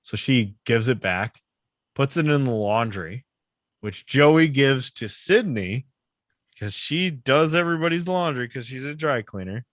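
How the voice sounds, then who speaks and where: A man's voice: medium pitch, a bit bright, no echo. A man co-hosting a podcast, casually retelling a sitcom plot, often laughing and acting out the characters' lines. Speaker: podcast co-host. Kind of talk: casual chat recapping a sitcom episode. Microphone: podcast microphone.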